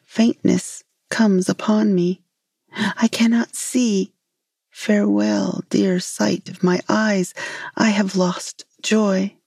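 A woman voicing a gentle female moon fairy who speaks in a pleading, lyrical way in a storybook tale. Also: lowish voice, takes it slowly, gravelly, husky, no echo, studio quality, exaggerated voice. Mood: lamenting.

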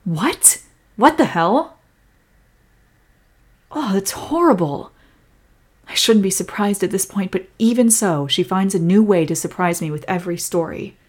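A young woman in a whispered role-play as a comforting girlfriend, speaking softly and protectively. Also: mid-range voice, moderate pace. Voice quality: breathy.

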